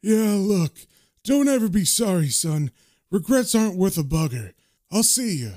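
A man voicing a cheeky, crude old male hospital patient who tells his stories in a raised, lively way. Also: sits high, measured pace, pitched above the performer's own voice. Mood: warm.

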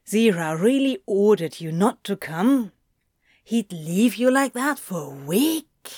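A prickly grown man, as a woman reader acts him out, grumbling and snappish, his complaints coming out slow and clipped. The sound is dry and close to the mic. He plays like a storybook character who is always a little put out. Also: mid-range voice, very animated, darkish tone, dry recording. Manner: irritable, snappish. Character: prickly, grumbling adult man, easily flustered. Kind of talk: audiobook reading of fan fiction.

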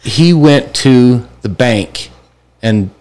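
A man hosting a casual chat, asking questions in a rambling, halting way and often restarting his sentences. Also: mid-range voice, animated, a little mellow. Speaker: host.

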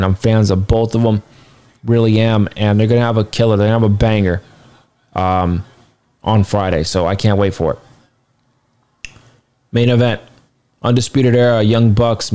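A man's voice: fairly low pitch, dark tone, smooth. Blunt, tired-sounding man reviewing wrestling. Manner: blunt, swears, rambling asides. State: tired, yawning. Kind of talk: casual opinionated review.

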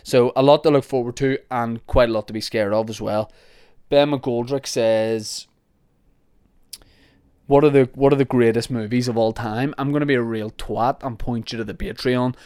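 A man's voice: mid-range voice, steady tone, normal speed, darkish tone, smooth, no echo, clean studio sound. A young man with a Northern Irish accent, hosting a podcast and answering listener questions in a rambling, jokey, self-deprecating way. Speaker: podcast host.

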